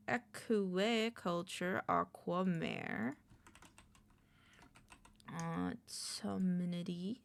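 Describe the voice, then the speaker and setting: A woman's voice: medium pitch, creaky. A woman streamer in casual live-stream chat at a desk microphone, rambling, muttering lists to herself and greeting her chat.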